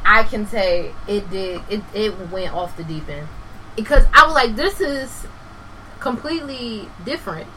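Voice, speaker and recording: A woman in casual chat, frank and wry, adding quick remarks. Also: medium pitch, animated, bright, forceful tone, a little hiss or hum, rough recording.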